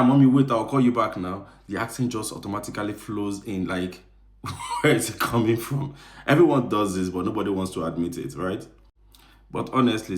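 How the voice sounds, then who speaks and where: Man, very low voice, lively casual vlog chat, echoey room. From Nigeria. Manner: animated, chatty, asks viewers directly. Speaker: vlogger. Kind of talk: casual talk to camera. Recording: roomy echo.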